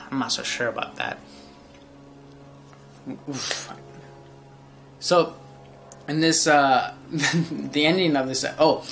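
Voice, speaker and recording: Casual talky male anime reviewer. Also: mid-range voice. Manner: animated, profane, many fillers and restarts.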